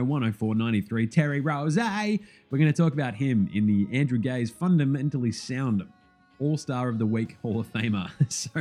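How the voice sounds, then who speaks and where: Sweary, animated sports host. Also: male voice, medium pitch. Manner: sweary, animated, jokey banter. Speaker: basketball podcast host. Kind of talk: casual sports recap.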